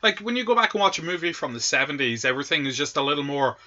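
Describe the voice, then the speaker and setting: A man trades dry, sarcastic jokes in a casual film-review chat. His voice is raised and bright with a lively, swinging pitch. The recording sounds a bit muffled. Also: rapid-fire. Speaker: podcast co-host.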